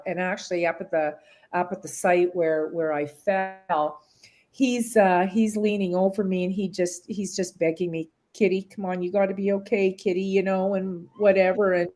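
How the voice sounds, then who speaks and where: Slow-talking middle-aged woman telling her story. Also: mid-range voice, darkish tone. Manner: rambling, full of restarts, emotional retelling. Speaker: guest. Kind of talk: personal story in an interview.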